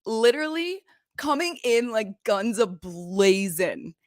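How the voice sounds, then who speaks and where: A young woman hosting a casual recap show, retelling scenes in a gossipy, animated way. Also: fairly high pitch, slow, dry recording, clean studio sound. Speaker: recap podcast host. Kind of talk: casual chat. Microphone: desk microphone.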